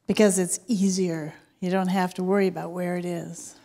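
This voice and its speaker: A woman volunteering in a workshop demonstration, slightly nervous, speaking softly and hesitantly into a handheld microphone. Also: on the low side, flat delivery, normal speed. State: a little nervous.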